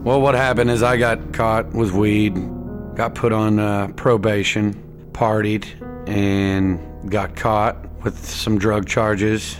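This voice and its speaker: A young man from with a drawl tells his story in a loose, plainspoken way, filling it with little asides. His voice sits a bit low. Guitar music plays under him the whole time. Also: level tone, takes it slowly. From East Texas. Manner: casual, plainspoken, drawling with frequent fillers. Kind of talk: personal story told to a radio show.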